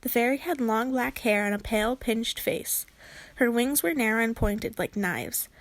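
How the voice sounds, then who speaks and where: A woman narrating a children's book aloud in a clear, expressive storytelling voice. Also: on the high side, moderate pace, no room sound.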